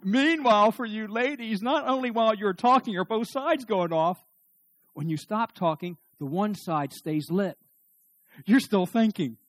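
A middle-aged man giving a humorous talk on marriage to a live audience, animated and joking, often restarting his sentences. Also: high-pitched, measured pace, no room sound. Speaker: speaker on marriage.

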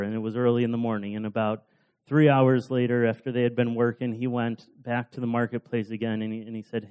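A man's voice: mid-range voice, level tone, brisk, phone-quality sound. A man preaching a sermon, retelling parables in a casual, conversational storytelling manner. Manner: casual storytelling with fillers and restarts.

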